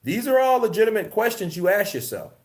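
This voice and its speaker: A man's voice: sits high, big pitch swings, brisk. A man hosting a casual live-stream about boxing news, swearing, laughing and reading the chat. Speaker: host.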